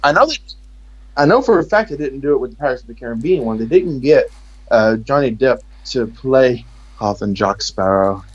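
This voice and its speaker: A man's voice: medium pitch, expressive, moderate pace, slightly rough, dull audio. A man from Texas speaking with an American accent, rambling and joking sarcastically in casual chat.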